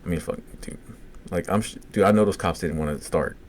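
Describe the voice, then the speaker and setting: A middle-aged man with a Cajun lilt spins a long story in a low voice, swearing freely and acting out every quote. It sounds like a casual podcast, with a faint hiss of noise underneath. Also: fairly quick. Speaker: podcast co-host.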